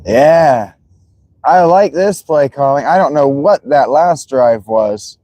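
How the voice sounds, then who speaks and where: A man's voice: medium pitch, expressive, takes it slowly, warm tone, dry recording. A man streaming live as he watches football, chatting casually and greeting viewers by name.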